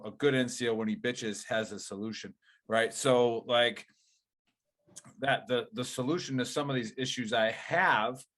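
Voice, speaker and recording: A man's voice: medium pitch, fairly bright tone. A man hosting a casual veterans' podcast, talking in a rambling, profane way with many fillers and restarts. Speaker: podcast host.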